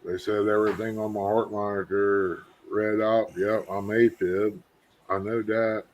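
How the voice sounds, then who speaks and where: A man's voice: fairly low pitch, level tone, a little slow, a little mellow, highs cut off, slight background noise. An older man in casual chat, laid-back and plainspoken with a wry edge.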